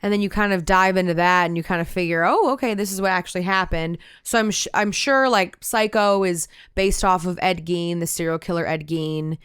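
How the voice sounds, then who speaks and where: Deadpan woman with smooth voice. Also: fairly low pitch, brisk, few pauses, no room sound. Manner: dry, teasing, deadpan asides. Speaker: podcast co-host. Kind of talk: casual chat.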